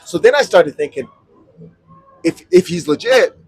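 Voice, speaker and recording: A man casually telling a story on a podcast, animated and acting out the people he quotes, swearing freely, recorded on an outdoor city balcony. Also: high-pitched, normal speed, slightly rough, dry recording. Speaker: podcast co-host.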